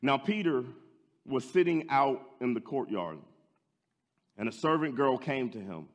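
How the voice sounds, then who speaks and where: Man, preacher, sermon, dramatic storytelling, loud to hushed swings. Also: medium pitch, animated, a little slow, in a large hall.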